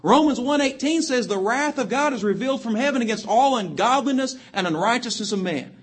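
His voice is very high, breathy at the edges, and lively in intonation as he delivers a sermon to young listeners. Scripture comes out in King James phrasing, with chapter and verse fired off rapidly and emphatically.

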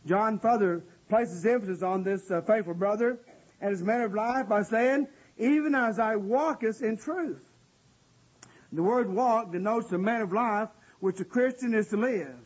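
High-voiced husky male preacher, lo-fi. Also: normal speed. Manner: earnest, conversational preaching with frequent "uh" fillers. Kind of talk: sermon with scripture exposition. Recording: dull lo-fi recording.

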